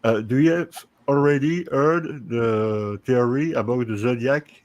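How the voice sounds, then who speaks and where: A man hosting a panel discussion, speaking haltingly and restarting his words. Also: mid-range voice, darkish tone, no room sound, muffled recording. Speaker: host.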